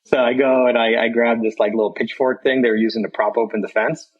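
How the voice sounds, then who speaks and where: A man's voice: medium pitch, flat delivery, fast, dull audio. A man who is a guest on a podcast, telling a story in a laid-back, rambling way. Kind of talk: casual chat.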